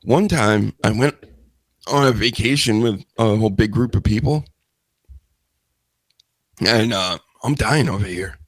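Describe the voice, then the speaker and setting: A man's voice: fairly low pitch, measured pace, pauses often, no echo. A man hosting a live wrestling news show, talking in a rambling, joking way with self-mocking asides. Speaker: host.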